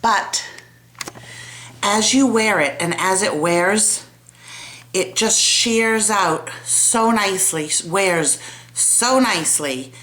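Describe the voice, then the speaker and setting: A woman's voice: mid-range voice, takes it slowly, a bit bright. A woman vlogger chatting casually at home about lipsticks and nail polish, rambling, trailing off and restarting, poking fun at herself. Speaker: beauty vlogger. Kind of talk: casual product review chat.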